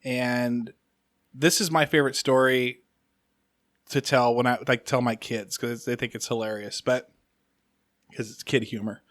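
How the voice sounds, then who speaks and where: A man's voice: medium pitch, steady tone, unhurried, pauses often, a bit bright, no room sound, studio quality. A man hosting a podcast, telling stories in casual chat and acting out the voices of people in them. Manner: storytelling, acts out voices from his stories. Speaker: podcast host.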